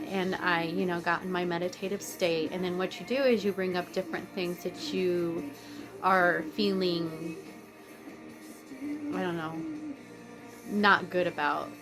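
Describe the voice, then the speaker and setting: A woman vlogger chatting casually, rambling and drifting off topic, blunt and swearing freely. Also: on the low side. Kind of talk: casual chat. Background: faint music playing.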